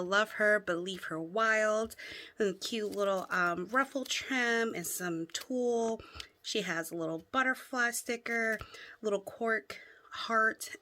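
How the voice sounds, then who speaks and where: Crafting host, woman, bright sharp tone, chatty and gushing, casual show-and-tell. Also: mid-range voice, a little hiss or hum. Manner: gushing, chatty, squeals over cute items.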